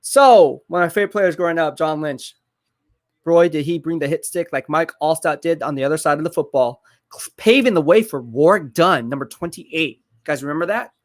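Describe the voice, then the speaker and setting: With a slightly high voice and a brisk pace, a man hosts a live football watch party online. He gets worked up over plays, chats with his audience, and says his points again and again.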